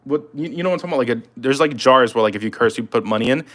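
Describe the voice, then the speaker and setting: A man talking loosely on a live stream. He keeps up a rambling, chatty flow as he reacts to viewer comments. His voice sits at an ordinary middle pitch. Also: very fast, fairly bright tone. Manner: loose and chatty, talking to chat while drawing. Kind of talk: casual live stream chat.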